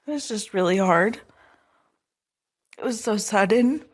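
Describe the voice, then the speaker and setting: A woman guest on a podcast, telling family stories in an unhurried, gentle way with soft laughter between thoughts. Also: mid-range voice, expressive. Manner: unhurried, often laughing softly while remembering. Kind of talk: casual interview storytelling.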